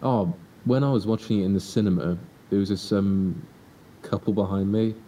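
A teenage man co-hosting a podcast, talking in a dry, deadpan way in a casual chat. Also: normal speed. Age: teens. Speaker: podcast co-host. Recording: distant mic with faint rumble.

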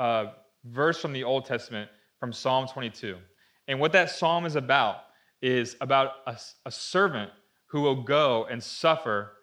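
A man's voice: medium pitch, fairly bright tone. A man preaching a sermon to a room, earnest and conversational, asking rhetorical questions as he explains. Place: room with an audience.

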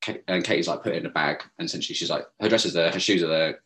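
A young man rattles through a story at speed, his voice sitting very low. He talks animatedly and swears freely, slipping into other people's voices when he quotes them, in a casual podcast chat. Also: rapid-fire, fairly bright tone. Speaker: podcast co-host.

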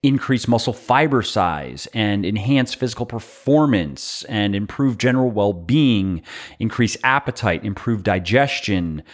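A man hosting a solo podcast, explaining a topic in a brisk, explanatory way with wry asides. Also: on the low side, expressive. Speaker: podcast host.

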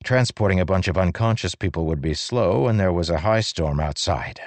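A man doing scripted narration of an audiobook in a steady, unhurried way. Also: low-pitched, dry recording.

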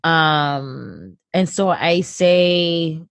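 Woman, thirties, lowish voice, animated and upbeat, dry close sound. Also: very slow, vocal fry, no room sound. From United States. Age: 30s. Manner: animated, upbeat, lots of fillers. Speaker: comedian guest. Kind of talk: casual interview chat.

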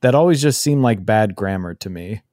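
A man's voice: on the low side, lively intonation, normal speed, darkish tone, no echo, studio quality. A man co-hosting a casual comedy podcast, joking and slipping into silly voices. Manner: jokey, slips into silly voices. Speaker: podcast co-host.

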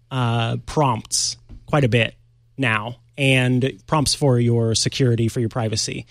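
A man hosting a tech show, chatty and playful, demonstrating things live with quick asides. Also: mid-range voice, no room sound, studio quality. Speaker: host. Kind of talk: casual tech show chat.

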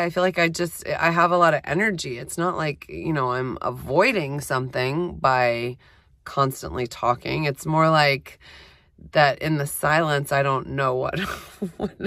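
Chatty low-voiced woman podcaster. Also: fairly bright tone, dry recording, studio quality. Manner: chatty, self-deprecating, lots of fillers. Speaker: podcast host. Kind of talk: casual solo podcast talk. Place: small closet. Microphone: phone.

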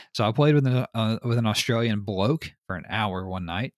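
A man hosting a podcast in casual chat, telling stories in an animated way, laughing often and swearing casually. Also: lowish voice, normal speed, no room sound, clean studio sound. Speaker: podcast host.

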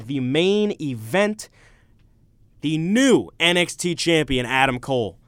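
A young man hosts a casual sports talk show from a college radio studio. His voice is smooth and resonant, and the studio mic gives it a dry, close sound. He talks in an animated, opinionated way. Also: medium pitch, measured pace, no room sound. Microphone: studio microphone.

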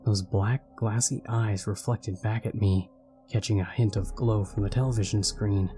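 Low, dark-voiced male horror narrator. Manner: measured, steady storytelling. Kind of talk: scripted horror story narration. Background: faint background music.

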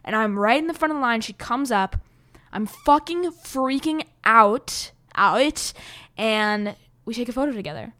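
A young woman telling a personal story to camera in a casual, rambling way, full of "like" fillers and swearing, getting excitable as she goes. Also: a little high, moderate pace.

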